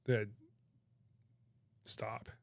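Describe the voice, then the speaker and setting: A man chatting on his livestream, animated and laughing, protesting in exaggerated disbelief. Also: drawn-out words, no echo. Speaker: streamer reacting to chat. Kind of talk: casual livestream chat.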